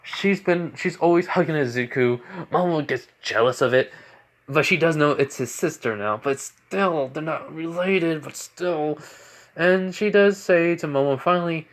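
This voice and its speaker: A man's voice: a little high, a little slow. A man narrating an improvised fan story in a casual, rambling way, with many fillers and restarts.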